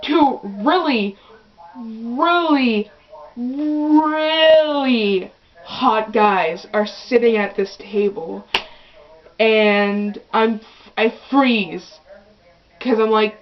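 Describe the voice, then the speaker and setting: A woman's voice: on the high side, extremely slow, muffled recording. A young teenage girl telling a rambling, chatty story for her vlog, often restarting her sentences. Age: early teens. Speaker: vlogger.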